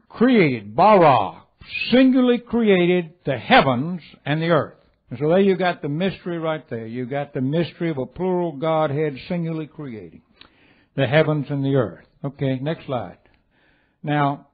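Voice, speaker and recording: An older man preaching a sermon, swinging between loud exhortation and quiet, low asides. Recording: tinny phone-like audio.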